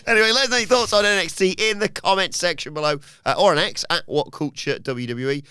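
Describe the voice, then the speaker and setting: A man's voice: high-pitched, fast talker, slight background noise. A man hosting a podcast, recapping a wrestling show in casual chat and acting out the wrestlers' lines as he tells it. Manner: animated storytelling with acted-out quotes. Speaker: podcast host.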